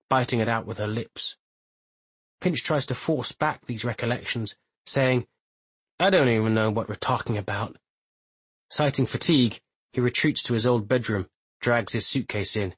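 A man narrates a literary novel in a measured, even reading. His voice is husky and sits at a middle pitch. The sound is close and dry. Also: no room sound, low-quality recording. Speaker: audiobook narrator. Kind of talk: scripted narration.

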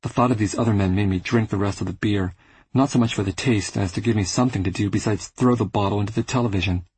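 Husky, low-voiced male audiobook narrator. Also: fast, darkish tone, no room sound, low-quality recording. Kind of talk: first-person literary narration.

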